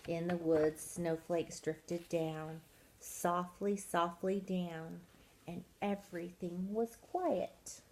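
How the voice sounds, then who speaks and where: A woman reading a children's picture book aloud at storytime, expressive and drawing out soft words. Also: fairly low pitch, slow, a little hiss or hum, rough recording. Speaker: storytime reader.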